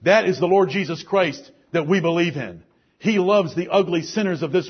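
A man preaching a sermon, firing off rhetorical questions and swinging between soft, low passages and loud, raised ones. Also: moderate pace, slightly rough, highs cut off.

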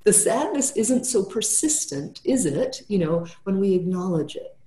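A woman's voice: medium pitch, expressive, measured pace, warm tone, reverberant. A woman therapist telling a client story in casual podcast talk, tagging nearly every sentence with "right?" and "you know".

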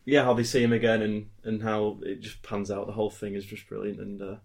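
A man's voice: on the low side, monotone, a little fast, gravelly. A man co-hosting a casual film podcast, easygoing and a little hesitant. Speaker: podcast co-host. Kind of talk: casual chat.

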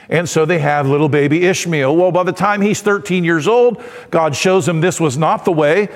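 A male pastor with a high voice, preaching in an animated, conversational manner and often checking that his listeners follow. His voice rings through a church sanctuary with a long, lingering reverb. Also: moderate pace. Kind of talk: sermon.

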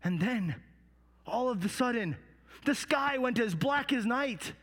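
A man telling a Bible story in the first person, slow and solemn, rising to loud cries at the quoted lines, recorded in a large reverberant hall. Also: very high-pitched, animated. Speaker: dramatic storyteller.

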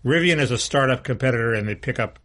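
A man's voice: mid-range voice, fast, fairly bright tone. A man co-hosting a casual political podcast, talking bluntly and restarting his sentences often. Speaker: co-host.

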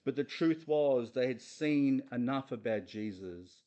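An earnest man preaching in a conversational way, often turning to his listeners with direct questions. His voice sits at an everyday middle pitch. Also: lively intonation, unhurried, dark tone, dull audio. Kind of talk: conversational sermon on a Bible passage.

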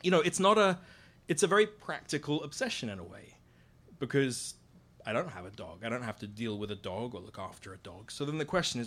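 A man's voice: mid-range voice, very animated, a little fast, a bit bright. A man telling a wry, self-mocking personal story on stage. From Britain.

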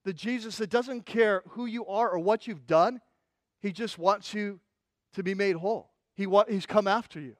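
A man pastor preaching a sermon, retelling scripture as a vivid, passionate story with quick restarts. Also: sits high, dry recording, studio quality.

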